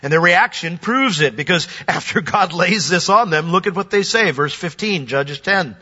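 A pastor preaching a sermon, lively and animated, often acting out voices. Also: male voice, sits high, moderate pace. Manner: animated, acts out quoted voices. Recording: dull recording with long hall reverb.

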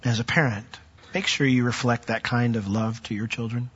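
Husky middle-aged pastor preaching. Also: male voice, mid-range voice, fairly even intonation, normal speed, a bit bright. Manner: conversational preaching with wry humor. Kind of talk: sermon. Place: large church sanctuary. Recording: dull lo-fi sound with long hall reverb.

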